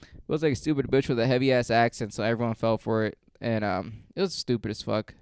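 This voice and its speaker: A man hosting a podcast, telling stories in a rambling, profane, deadpan way on a close mic. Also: medium pitch, a little fast, clean tone, no echo. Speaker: podcast host. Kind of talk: casual storytelling.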